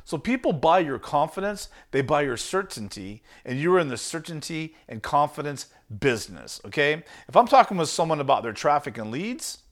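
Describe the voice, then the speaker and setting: A man's voice: fairly high pitch, big pitch swings, moderate pace, few pauses. A man teaching sales in an emphatic, punchy monologue. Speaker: sales coach.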